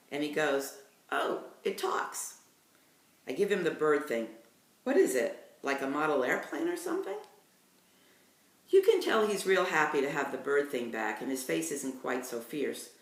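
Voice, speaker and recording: Woman, reading a novel aloud, casual slangy narration, echoey room, away from the mic. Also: sits low. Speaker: reader. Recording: roomy, distant from the mic.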